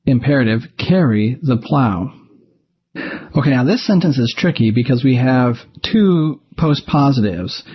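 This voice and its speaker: A man's voice: medium pitch, husky, highs cut off. A man teaching a recorded language lesson, walking methodically through exercises step by step. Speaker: Greek teacher.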